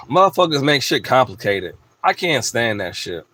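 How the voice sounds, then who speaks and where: A man's voice: mid-range voice, sing-song, a little slow, bright, forceful tone, no echo. A man delivering a blunt, profane, emphatic ranting monologue as a video host.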